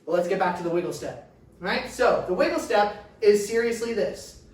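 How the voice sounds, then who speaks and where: An upbeat man leads a dance class, counting the beats and coaching the students along. His voice sits at an everyday middle pitch. It echoes heavily through a big studio and is picked up from a mic well away from him. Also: expressive, normal speed. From California. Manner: upbeat, encouraging, counts steps aloud, laughs often. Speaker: dance instructor. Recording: far-off mic in an echoey room.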